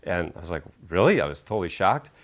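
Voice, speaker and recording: A middle-aged man with a low voice tells stories in an animated interview. He grows enthusiastic and acts out quotes with sudden leaps in pitch. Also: quick pace. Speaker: author and speaker.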